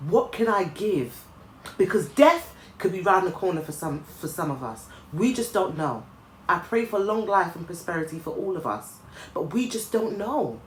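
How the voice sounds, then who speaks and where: Woman vlogging a heartfelt pep talk, lowish voice, lots of ums and restarts, echoey room w faint background hum. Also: very animated, moderate pace. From Nigeria. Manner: earnest, with frequent restarts and ums. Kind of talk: motivational talk to camera.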